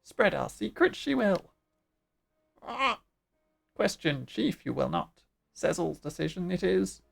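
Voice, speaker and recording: A fierce, proud bird-creature warrior from a fantasy game, as a woman puts it on, talking in clipped phrases with the word order jumbled about. The voice jumps around in pitch and carries a gravelly rasp under the squawky edge. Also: very animated, takes it slowly, faint music behind, full character voice. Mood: bargaining. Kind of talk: game dialogue voiced live.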